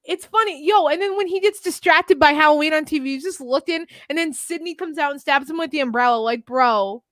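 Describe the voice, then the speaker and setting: A woman co-hosting a casual podcast, excitedly chatting about horror films and quoting lines from them, laughing often. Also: high voice, a little fast, no echo, clean studio sound. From Northeast Pennsylvania. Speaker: podcast co-host. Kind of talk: casual chat.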